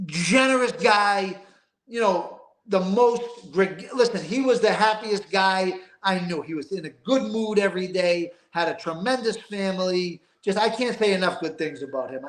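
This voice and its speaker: A man's voice: high-pitched, unhurried, fairly bright tone, roomy sound. An older man, telling stories in a rambling, emphatic street-talking way as an interview guest. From East Boston. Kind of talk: casual interview storytelling.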